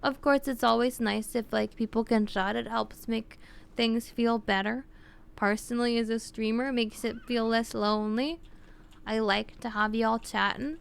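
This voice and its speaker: Chatty woman streamer with vocal fry. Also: on the high side, steady tone, normal speed. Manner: chatty, answers chat with fillers and laughs. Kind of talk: casual live-stream chat with viewers.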